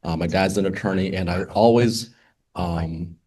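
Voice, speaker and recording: Low-pitched and darkish in tone, an attorney speaks at a measured pace as he gives a personal testimony to a group. His telling is casual and full of asides, with quoted dialogue acted out.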